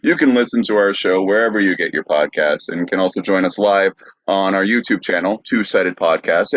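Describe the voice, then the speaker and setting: Lower-voiced podcast host signing off. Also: male voice, no room sound. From Brooklyn, New York. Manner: friendly, announcer-like wrap-up. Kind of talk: podcast sign-off. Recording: dry, slightly dull sound.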